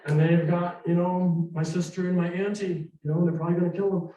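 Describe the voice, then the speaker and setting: Man voicing a frightened young Shoshone girl, high, fast, alarmed, roomy far-off mic. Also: little pitch movement, mellow, lo-fi sound, natural voice. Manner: hurried and alarmed. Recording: roomy hall, distant mic.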